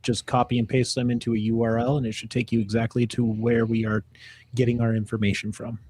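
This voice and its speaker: A man's voice: mid-range voice, little pitch movement, quick pace, a little mellow, husky. A man co-hosting a casual livestream, chiming in with brief, easygoing remarks. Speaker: co-host.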